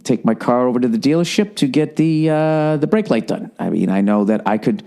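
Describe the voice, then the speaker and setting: A man's voice: lively intonation, brisk, creaky, dark tone. A middle-aged man from the United States hosting a podcast, riffing in a rambling, exasperated comic monologue full of profanity. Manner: frequent profanity, exasperated, mimics people in high voices. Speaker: podcast host.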